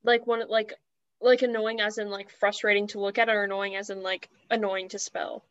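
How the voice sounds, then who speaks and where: A woman's voice: mid-range voice, level tone, normal speed, a bit bright, clean tone, no echo. A young woman co-hosting a podcast, chatting casually and playfully teasing her co-host. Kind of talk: casual chat. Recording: muffled lo-fi podcast audio.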